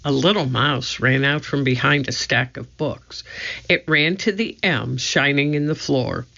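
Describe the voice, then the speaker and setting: Storyteller reading a kids book, slow and expressive, bit muffled recording. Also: mid-range voice, creaky. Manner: expressive storytelling, voicing each character. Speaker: audiobook narrator. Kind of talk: scripted narration of a children's book.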